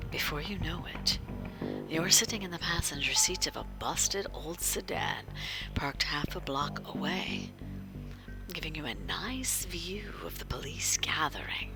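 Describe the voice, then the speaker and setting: A woman game master giving whispered role-play narration in hushed, suspenseful tones and talking with her viewers. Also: sits low, huge pitch swings, measured pace. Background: music.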